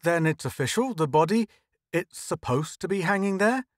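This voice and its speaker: A man's voice: sits high, lively intonation, normal speed, no echo, studio quality, voice pushed up. A man voicing a frantic, pleading shopkeeper. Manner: pleading, rising to desperate shouts. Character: frantic middle-aged male shopkeeper.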